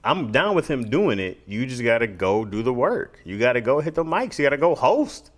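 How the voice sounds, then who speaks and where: A man's voice: mid-range voice, sing-song, moderate pace. A man co-hosting a casual podcast, talking bluntly and repeating his points for emphasis. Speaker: podcast co-host. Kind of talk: casual chat.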